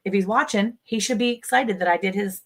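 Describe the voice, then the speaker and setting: A woman co-hosting a livestream, talking casually and telling stories in an animated, chatty way. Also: medium pitch, fairly quick. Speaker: livestream co-host. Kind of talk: casual chat.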